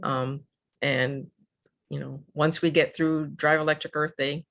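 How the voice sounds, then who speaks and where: A woman's voice: sits low, level tone, unhurried, vocal fry, a bit bright. An older woman from Southern California, a guest in a casual interview, talking earnestly with many fillers and restarts. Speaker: guest, EV advocate.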